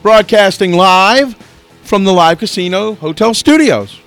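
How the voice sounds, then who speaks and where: A man co-hosting sports talk radio from a studio, telling anecdotes in an animated way. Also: high voice, unhurried, faint music behind. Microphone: studio mic.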